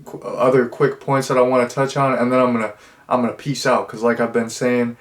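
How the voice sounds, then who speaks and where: A man talks through a movie review in a loose, rambling way. He circles back on himself, piles on fillers and restarts sentences as he goes. His voice sits at an ordinary middle pitch. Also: flat delivery, a little fast. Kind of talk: casual spoken movie review.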